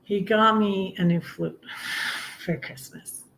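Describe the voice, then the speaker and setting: A middle-aged woman hosting a casual livestream, chatting softly and reading her own poems in a rambling, soft-spoken way. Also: medium pitch, fairly even intonation, slow pace, vocal fry, slight background noise, poor audio. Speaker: livestream host.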